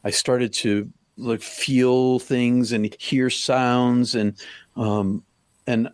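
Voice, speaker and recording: A middle-aged man telling a personal story in an interview, talking haltingly with many restarts. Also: mid-range voice, level tone, no echo, clean studio sound. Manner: halting, full of restarts, acts out quoted lines loudly. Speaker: podcast guest.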